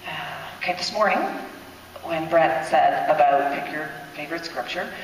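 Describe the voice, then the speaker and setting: A woman's voice: low voice, normal speed, a little hiss or hum. A woman telling a personal testimony in church, in emotional, breathless storytelling. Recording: echoey hall, speaker far from mic.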